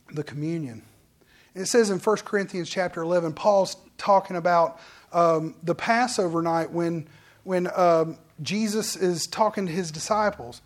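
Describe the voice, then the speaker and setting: A pastor preaching a midweek sermon in a conversational way, jumping from loud exclamations to soft, hushed asides. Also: mid-range voice.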